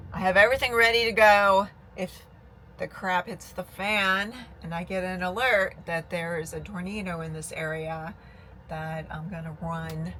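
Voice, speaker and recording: A woman talking frankly to her camera in a casual travel vlog, recorded on a handheld phone in her truck at a highway rest area. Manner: frank, confiding, lively ups and downs. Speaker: vlogger traveling solo by truck camper. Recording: noisy with wind and vehicle sounds.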